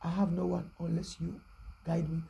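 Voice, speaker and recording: Gravelly, hushed preacher. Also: mid-range voice, level tone, normal speed, a little hiss or hum, rough recording. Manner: hushed, repetitive, prayerful. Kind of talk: prayerful exhortation sermon.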